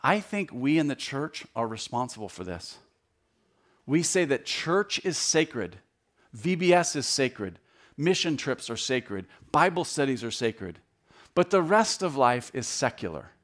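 A man in his fifties preaches as a guest speaker in a church. He talks in a conversational way, with jokes and repeated words. His voice rises and grows louder when he drives a point home. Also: mid-range voice, very animated, a little slow. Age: 50s. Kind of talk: sermon. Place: church sanctuary.

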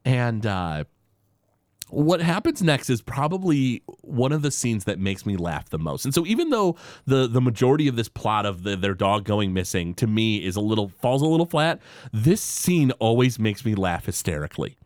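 A man's voice: lowish voice, normal speed, dry recording, clean studio sound. A man co-hosting a casual podcast, recapping a cartoon episode with many "uh" restarts and acted-out quotes. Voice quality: animated, acts out quoted characters in shifting voices. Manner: filler-heavy, frequent "uh" restarts. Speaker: podcast co-host.

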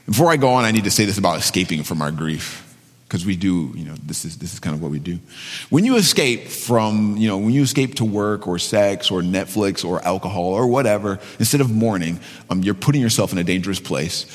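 A man's voice: low voice, animated, a little fast. Man preaching in a reverberant hall. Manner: conversational, repeats phrases, many restarts. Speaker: pastor. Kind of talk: sermon.

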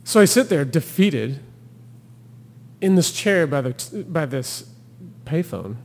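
A thru-hiker appears as a guest on a podcast, telling his story casually in a slow, rather high voice. He acts out quotes and laughs as he goes, and the audio has a big-room sound.

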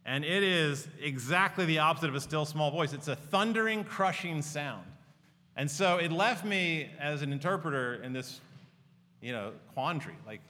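Guy preaching a sermon, earnest and chatty, bright forceful voice, long echo from a big church hall. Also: a little high, animated, moderate pace. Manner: earnest, conversational, with personal stories. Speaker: pastor. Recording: long reverb of a large hall.

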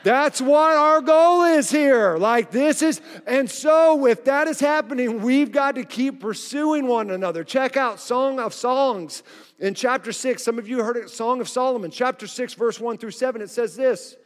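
A man preaching a sermon as pastor, energetic and joking with his congregation in a church. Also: very high voice, unhurried, in a large hall. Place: church sanctuary.

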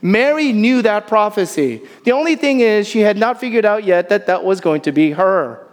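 The speaker, a male pastor, preaches vividly in a high register inside a church sanctuary full of long reverb. His lively delivery occasionally softens and slows for emphasis.

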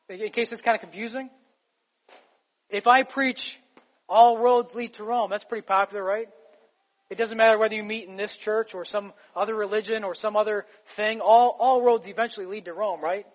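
Emphatic high-voiced male preacher. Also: big-room sound, lo-fi sound. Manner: emphatic, conversational preaching with rhetorical questions. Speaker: pastor. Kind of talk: sermon.

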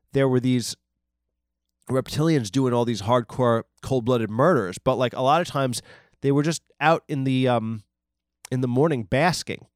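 A man riffs on a podcast in a rambling, mock-serious way, spinning absurd tangents. His voice sits at an everyday middle pitch. The sound is dry and close, with no room around it. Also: no room sound. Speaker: podcast host. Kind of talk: rambling comedic monologue.

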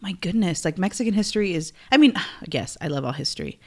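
A woman in her thirties co-hosting a casual podcast chat, animated and laughing often. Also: lowish voice, fast. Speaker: podcast co-host. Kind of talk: casual chat among sisters.

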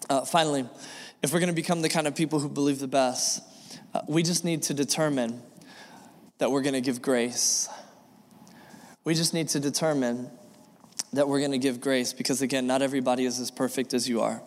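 Male pastor, mid-pitch, earnest preaching, reverberant sanctuary sound. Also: steady tone, fairly quick, long pauses. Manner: earnest, repetitive preaching with acted dialogue. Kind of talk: sermon. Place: church sanctuary. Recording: long reverb of a church hall.

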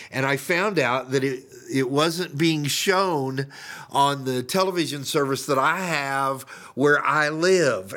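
Older male pastor, sermon, lively storytelling, slightly high voice. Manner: storytelling, acts out quotes with big pitch jumps.

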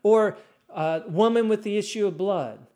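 A man's voice: high voice, a little slow. A man preaching a sermon, reading scripture aloud and acting out the quoted cries with a raised voice. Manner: animated, acts out scripture quotes, raising voice for cries.

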